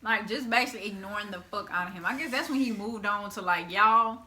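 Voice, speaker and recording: A woman guest telling a story in casual chat, excitable and profane. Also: mid-range voice, quick pace.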